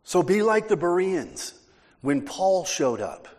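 A man's voice: sits high, big pitch swings, slow. Emphatic male preacher in reverberant hall. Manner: emphatic, forceful preaching with casual asides. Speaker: pastor. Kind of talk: sermon.

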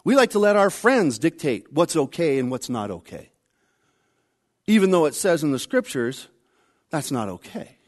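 A man preaching a sermon, repeating his key phrases, rising for emphasis and then dropping low and quiet. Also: big pitch swings, normal speed. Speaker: pastor.

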